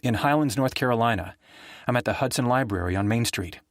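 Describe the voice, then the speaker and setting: A man's voice: medium pitch, brisk, dry recording, studio quality, lightly acted. Man voicing a tense, grieving ex-professor. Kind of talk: audiobook character voice.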